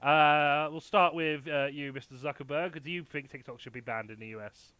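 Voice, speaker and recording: Man, comedy host, bright voice, smooth clear tone, hesitant. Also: on the high side, normal speed, no echo. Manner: hesitant, many fillers, laughing. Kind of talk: hosting an online comedy panel.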